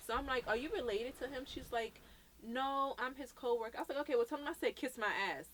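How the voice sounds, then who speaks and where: A woman's voice: high voice, quick pace, a little hiss or hum. A woman from Brooklyn co-hosting a podcast, telling a story in casual chat, acting out the quotes and swearing freely. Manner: animated, acts out quoted dialogue, swears freely. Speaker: podcast co-host.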